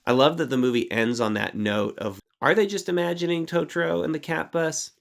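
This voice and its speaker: A man's voice: fairly high pitch, fairly even intonation, a little fast, creaky. A young man co-hosting a podcast, chatting casually and jokingly about a movie. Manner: joking, loose and irreverent. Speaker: podcast co-host.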